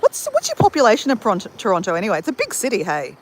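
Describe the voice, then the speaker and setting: A woman's voice: on the high side, wildly swooping pitch, quick pace. A woman from Australia with an Australian accent, chatting casually and upbeat on a live stream from a beach, greeting viewers by name. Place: outdoors at a beach at sunrise.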